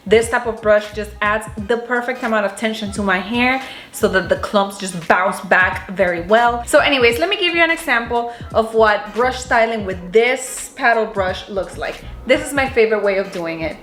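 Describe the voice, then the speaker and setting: A woman's voice: mid-range voice, moderate pace, fairly bright tone. A woman vlogger giving a casual hair-styling how-to, chatty, cursing offhand and talking to herself as she goes. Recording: roomy echo with faint music.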